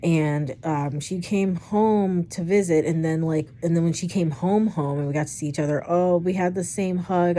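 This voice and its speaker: A young woman casually retelling a personal story for her vlog, chatty and rambling, with frequent swearing and animated asides. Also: on the low side, normal speed, few pauses. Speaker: storytime vlogger.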